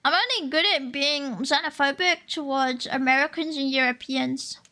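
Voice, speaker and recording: Over faint lo-fi background music, a woman with a high, bright, forceful voice talks at a normal pace during casual stream chat. She keeps things teasing and jokey, laughing frequently.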